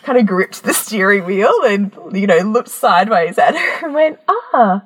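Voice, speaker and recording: A woman's voice: medium pitch, normal speed. A middle-aged woman hosting a podcast, telling a story in casual chat and laughing often. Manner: lively storytelling with frequent laughter. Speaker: podcast host.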